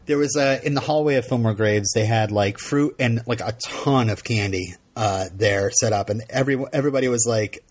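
Podcast co-host, middle-aged man from Vermont, animated storyteller, average pitch. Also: a little fast, hardly any pauses. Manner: animated, laughs often, acts out quotes. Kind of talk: casual chat, storytelling.

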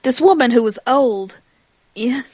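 A woman's voice: mid-range voice, lively intonation, moderate pace, dry recording. A woman co-hosting a movie commentary podcast, chatty and a little tipsy. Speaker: podcast co-host. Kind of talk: casual movie commentary chat. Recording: dry, dull lo-fi sound.

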